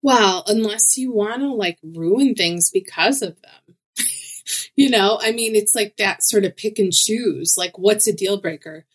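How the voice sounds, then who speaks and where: A woman's voice: medium pitch, measured pace, husky. A woman co-hosting a podcast, chatting bluntly and casually, with laughter and swearing. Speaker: podcast co-host.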